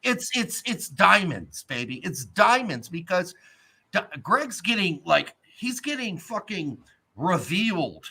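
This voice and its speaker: A man's voice: high voice, sing-song, slow, creaky, bright, forceful tone, slightly rough. A man co-hosting a casual sports podcast, ranting with lots of profanity. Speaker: podcast co-host.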